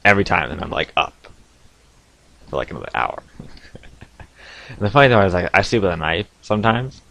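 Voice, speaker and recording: A young man telling stories to camera from his home basement in a casual, animated way, with sudden loud outbursts and frequent laughs. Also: low voice, fairly quick, vocal fry. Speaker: vlogger.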